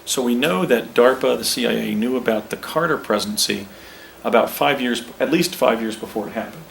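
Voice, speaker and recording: A man's voice: medium pitch, a little fast, creaky, a bit bright, slight background noise, poor audio. A middle-aged man giving a presentation with slides, rambling with many restarts and a little out of breath. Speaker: speaker recounting personal claims.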